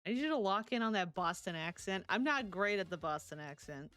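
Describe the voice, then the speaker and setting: A woman's voice: mid-range voice, expressive, a little fast, a bit bright, no room sound. A woman streaming a life-sim game, chatting casually and laughing often as she answers her chat. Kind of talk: casual live-stream chat while playing.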